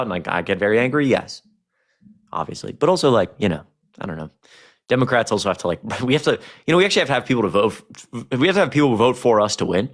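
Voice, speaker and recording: Animated young man streaming, swearing a lot. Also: lowish voice. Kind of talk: casual livestream chat.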